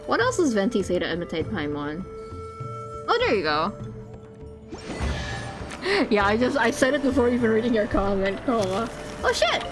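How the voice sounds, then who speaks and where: A woman's voice: mid-range voice, sing-song, moderate pace, pauses often. A woman live-streaming a game, chatting to her viewers in a rambling, chatty way and squealing when startled. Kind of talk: casual live-stream chat. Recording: game music behind the voice.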